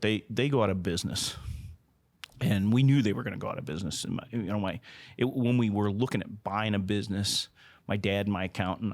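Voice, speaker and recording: Low-voiced man telling a rambling story. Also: no echo. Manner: rambling with frequent restarts and repeated words; animated when retelling others' words. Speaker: company president, interview guest. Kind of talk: casual storytelling in a conversation.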